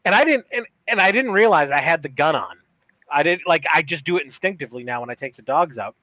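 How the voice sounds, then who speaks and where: A man's voice: fairly high pitch, lively intonation, quick pace, sharp tone, no room sound. Profane, laughing middle-aged man, lo-fi. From Upper Peninsula of Michigan. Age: 40s. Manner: profane, laughing, does accent impressions. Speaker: podcast co-host. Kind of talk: casual comedic banter.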